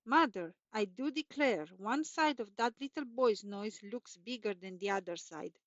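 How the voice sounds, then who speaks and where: A woman voicing a calm, sensible father who reassures his wife, in a dull, dry recording. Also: on the high side, normal speed, no room sound, close to an everyday voice. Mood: reassuring.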